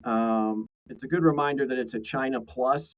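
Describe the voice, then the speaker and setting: A man's voice: medium pitch, moderate pace, highs cut off. A man co-hosting a casual trade podcast, talking in a rambling way full of restarts. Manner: rambling, many fillers and restarts. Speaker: co-host.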